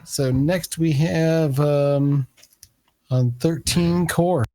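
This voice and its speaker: A man narrating as game master of a tabletop game, pausing often with fillers. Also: on the high side, fairly even intonation, warm tone, no room sound. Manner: hesitant, many fillers.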